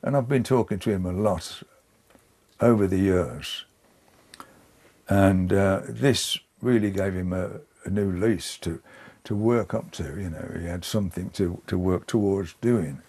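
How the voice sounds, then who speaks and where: An older man, giving a hesitant, halting interview and often repeating words. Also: low-pitched, darkish tone. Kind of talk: reflective casual interview.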